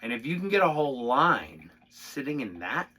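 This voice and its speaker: A man giving a casual drumming lesson, talking through a soft-playing exercise with sudden loud, excited bursts between quieter asides. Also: mid-range voice, moderate pace, a little hiss or hum. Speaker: drum instructor.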